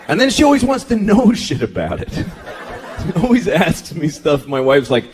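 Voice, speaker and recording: A man's voice: high voice, wildly swooping pitch, moderate pace. A man in his thirties doing profane, self-deprecating stand-up comedy, acting out voices, recorded live with crowd noise. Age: 30s. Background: audience laughter.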